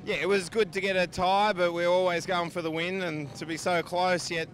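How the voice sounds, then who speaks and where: A man's voice: high voice, little pitch movement, normal speed, a bit bright, slight background noise. An Australian man, a sidecar racer, answering trackside questions steadily and matter-of-factly. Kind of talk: casual trackside interview. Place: outdoor speedway pits.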